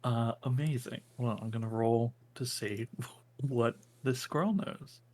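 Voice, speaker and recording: A man's voice: medium pitch, fairly even intonation, measured pace, darkish tone. A young man narrating a tabletop game as game master, hesitant and full of filler words. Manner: hesitant, full of ums and likes.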